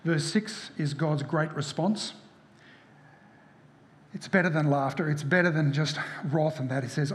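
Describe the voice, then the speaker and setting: A man's voice: on the high side, unhurried. A man preaching a sermon, often asking the listeners rhetorical questions. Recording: echoey hall from far off.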